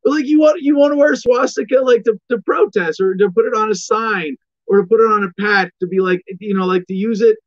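A man's voice: high-pitched, a little fast, hardly any pauses, dull audio. A man hosting an opinion commentary show, ranting sarcastically with lots of restarts and filler words. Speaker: host.

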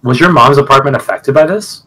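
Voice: medium pitch, fairly quick, pushed and bright. A podcast host in casual chat, mostly giving short reactions and asking questions. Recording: noisy background hiss.

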